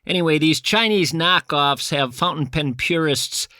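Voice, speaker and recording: A man's voice: a little high, measured pace, sharp tone, no room sound, studio quality. A man hosting a podcast, riffing in a rambling comic monologue with theatrical mock outrage. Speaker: podcast host. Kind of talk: rambling comic monologue and prank phone call.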